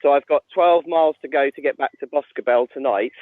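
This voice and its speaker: A man's voice: fairly high pitch, brisk, no room sound. A man calling in by phone while walking through fields, out of breath, weary and wryly self-mocking. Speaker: ultrarunner calling in. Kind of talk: casual phone update. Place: outdoors in overgrown fields. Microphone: phone line. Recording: tinny dry phone line.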